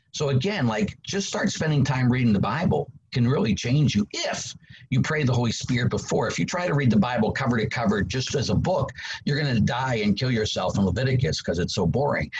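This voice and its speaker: Priest guy in his 60s, animated storyteller, bit dull lo-fi sound w/ faint hiss. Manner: animated preacher, acts out quotes with big pitch jumps. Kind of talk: storytelling in a podcast interview.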